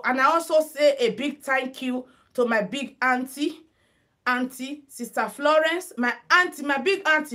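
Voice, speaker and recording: A woman's voice: sits high, fairly bright tone. A middle-aged Nigerian woman with a Nigerian accent, hosting a casual beauty livestream on her phone and chatting with her viewers in Pidgin-mixed English. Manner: chatty, addresses viewers as "my people", sing-song calls. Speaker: makeup and headwrap livestream host.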